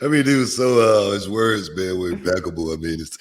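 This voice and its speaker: A man's voice: sits low, lively intonation, fairly quick, crowd noise. A man co-hosting a sports radio show, swapping stories and laughing often. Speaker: co-host, former wrestling commentator. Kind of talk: casual radio chat.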